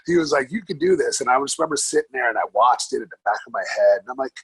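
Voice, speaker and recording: Man, 40s, from new york, husky voice, dry close sound, lively storyteller. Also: medium pitch, quick pace, dry recording, rough recording. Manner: animated, laughs often, swears casually. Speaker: podcast guest, grappling coach. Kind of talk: casual storytelling interview.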